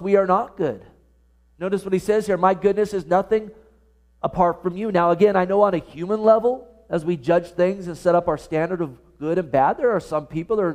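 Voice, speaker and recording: Preaching in a church service, this pastor has a fairly high voice with a bit of mellowness. His sermon is earnest, peppered with questions aimed straight at the congregation.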